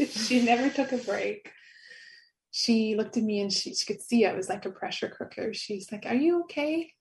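A woman's voice: mid-range voice, steady tone, moderate pace. A middle-aged woman telling a personal story in an interview, earnest and laughing often. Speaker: guest.

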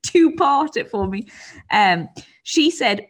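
A woman's voice: mid-range voice, lively intonation, measured pace. A woman hosting a podcast in casual chat, laid-back and teasing, laughing often and passing on listener messages. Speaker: podcast host.

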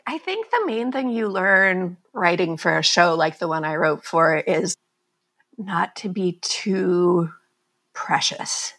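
Low, gravelly-voiced woman author. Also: expressive, fairly bright tone. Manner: candid, chatty, quick to laugh at herself. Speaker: author guest. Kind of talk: casual conversational interview.

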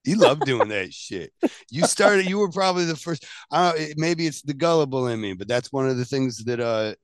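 A man's voice: mid-range voice, lively intonation, normal speed, dry recording, studio quality. A man in casual chat, asking questions and making wry, self-deprecating jokes.

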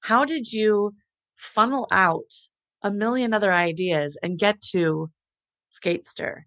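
A woman's voice: medium pitch, slow pace, a bit bright, no room sound. A woman hosting an interview, asking encouraging, probing questions. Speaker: podcast host.

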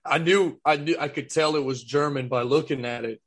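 A man's voice: a little high, brisk. A man from Louisiana with a Cajun accent, co-hosting a podcast and chatting casually and jokingly about a horror film. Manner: joking, laid-back. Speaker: podcast co-host. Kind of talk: casual movie chat.

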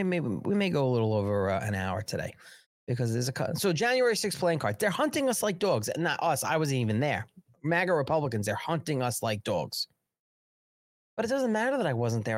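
A sarcastic man rants through a live talk show monologue, cutting himself off and restarting as he goes. His voice sits at an ordinary middle pitch and is recorded dry and close, with no room echo. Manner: ranting, sarcastic, restless and self-interrupting; pitches his own products. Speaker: host.

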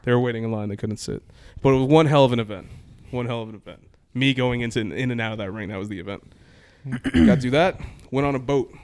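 A man rattles through a trip story at a quick clip, his voice smooth and clear. He talks casually and animatedly, slipping into the voices of people he met. He sounds like a podcast co-host chatting with friends. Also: medium pitch. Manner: animated, acts out quoted exchanges with laughs.

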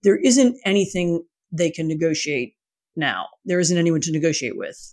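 A woman guest answering interview questions in a measured, thoughtful way, with many 'you know' fillers. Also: deep voice, animated, darkish tone. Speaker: guest, writer.

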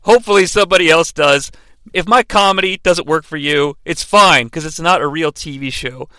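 A man's voice: fairly high pitch, normal speed, sharp tone, dry recording. A man hosting a podcast, rambling through a comedic wrestling booking monologue with self-deprecating asides. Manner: rambling, self-deprecating, acts out quotes in voices. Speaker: podcast host.

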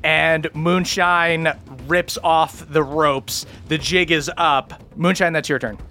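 A man's voice: on the high side, steady tone, takes it slowly, sharp tone, faint music behind. A man running a tabletop game as game master, narrating scenes in a loose, laughing way with casual swearing.

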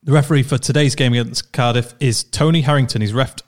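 A chatty man hosting a fan podcast, moving the talk from one topic to the next. He speaks quickly at a middling pitch, with a teasing edge. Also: fairly even intonation. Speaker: podcast host. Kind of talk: casual fan podcast chat.

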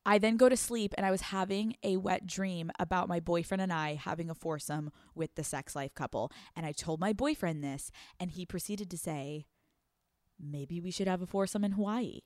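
A young podcast host from Pennsylvania rambles through a crude comedy monologue, swearing freely and laughing a lot. Her lowish voice moves at a normal pace with few pauses, recorded at studio quality with no room sound.

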